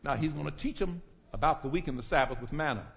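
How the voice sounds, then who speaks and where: A man preaching a sermon, dropping to low murmurs and rising to shouted climaxes, calling out to listeners in the pews. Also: expressive, quick pace, gravelly. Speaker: pastor. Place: church sanctuary. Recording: dull echoing church recording.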